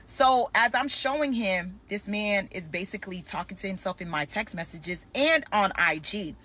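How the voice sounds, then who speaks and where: A young woman talks straight to camera in a storytime vlog, full of energy and switching between herself and the other people in her story. Her voice sits at an ordinary middle pitch for a woman, with nothing unusual about its tone. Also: moderate pace. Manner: animated, acts out both sides of the conversation.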